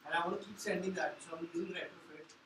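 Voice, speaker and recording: A man's voice: on the high side, steady tone, quick pace. A man in the audience asks the speaker a hesitant question, laying out his case with fillers. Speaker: audience member asking a question. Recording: distant, roomy, noisy audience pickup.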